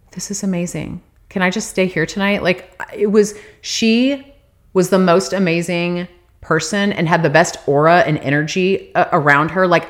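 A chatty young woman telling a casual storytime with a bouncy, widely swinging voice. She scatters "like" through every sentence and swears offhandedly. When she rants, her voice jumps high and gets louder. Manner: chatty, animated, heavy filler "like", swears casually; rises high and loud when ranting.

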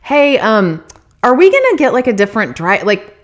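A chatty young woman telling a casual storytime with a bouncy, widely swinging voice. She scatters "like" through every sentence and swears offhandedly. When she rants, her voice jumps high and gets louder. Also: moderate pace. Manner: chatty, animated, heavy filler "like", swears casually; rises high and loud when ranting.

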